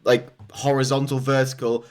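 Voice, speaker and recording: A man's voice: mid-range voice, little pitch movement, moderate pace, darkish tone, soft background music. Laughing, rambling man. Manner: rambling anecdotes broken up by laughter. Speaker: podcast co-host. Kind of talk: casual gaming chat.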